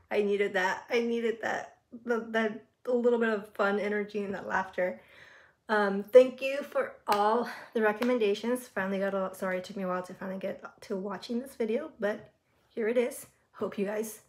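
A young woman hosting a casual reaction vlog from her room, chatty and gushing, with lots of fillers and giggles. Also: medium pitch. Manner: frequent giggles while talking. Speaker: reaction video host.

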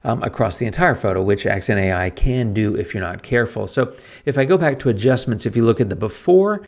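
A man hosting a photo-editing tutorial, talking through his steps in a relaxed way that thinks aloud, with frequent fillers. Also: mid-range voice. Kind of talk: screen-recorded software tutorial.

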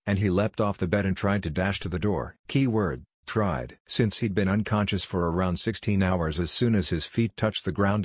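A man narrating a fan fiction story in a steady, even reading voice. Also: deep voice, husky, no room sound, studio quality.

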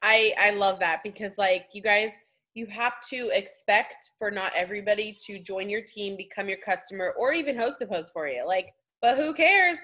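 A woman's voice: mid-range voice, normal speed, bright, forceful tone. A young woman leading a casual coaching chat, upbeat and slangy. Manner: chatty, upbeat, slangy, puts on voices when quoting. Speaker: team leader hosting a call.

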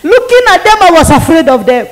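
A woman's voice: extremely high pitch, sing-song, brisk, poor audio. A woman evangelist with a Nigerian accent giving a fervent, pleading testimony sermon, repeating her phrases. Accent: Nigerian English. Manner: pleading, fervent, repetitive delivery.

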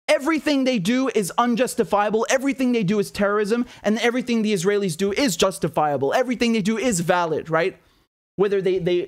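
A man giving an angry political monologue, indignant and heated, firing rhetorical questions and repeating himself. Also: high-pitched. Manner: swears and repeats words when worked up. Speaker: political commentator.

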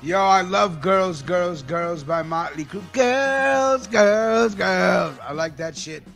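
Blunt New co-host, swears freely, mock outrage, bright high voice. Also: male voice, steady tone, unhurried, faint music behind. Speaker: podcast co-host. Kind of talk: loose banter.

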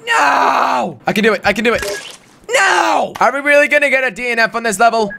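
A young man hosting a gaming channel, giving excitable let's-play commentary, talking to himself and shouting and swearing at the game. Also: very high-pitched, a little fast, gravelly, background noise.

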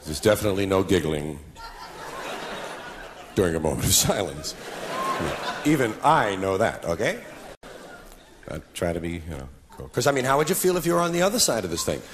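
Man, stand-up comedian, wildly swinging pitch, sardonic, mock-solemn asides, noisy live recording. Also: sing-song, a little fast, pauses often. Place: live stage before an audience.

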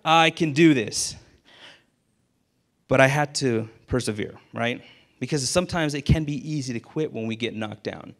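Gravelly man telling a candid story. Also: medium pitch, a little fast. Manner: candid and lively, acts out quoted dialogue, laughs, swears. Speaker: insurance agent, podcast guest. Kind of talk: casual storytelling.

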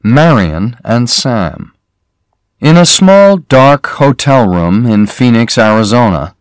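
Slow, deliberate male story narrator. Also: mid-range voice, dry recording, studio quality. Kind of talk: slow graded-reader narration for learners.

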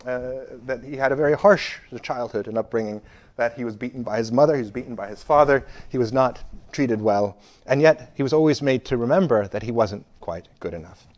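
A man giving a university history lecture, stressing key phrases loudly and dropping to quiet asides, with frequent fillers and restarts. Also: mid-range voice, a little fast.

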